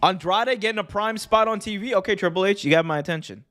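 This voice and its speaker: A man hosting a live wrestling watch-along, talking in an excitable, slangy way and laughing often. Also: high-pitched, fast. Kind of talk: live reaction commentary.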